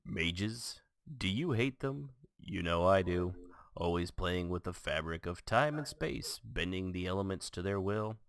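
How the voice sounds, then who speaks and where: A man playing a male announcer in a fantasy-themed spoof advertisement, pitching it deadpan. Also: measured pace, vocal fry, clear, resonant tone, no room sound, exaggerated voice. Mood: mock sales pitch.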